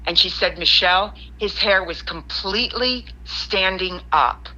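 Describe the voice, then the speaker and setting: Lively storyteller woman on a dull line. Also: mid-range voice, unhurried. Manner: animated storytelling, quoting her friend in lively asides. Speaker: guest caller. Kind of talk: telling a paranormal story.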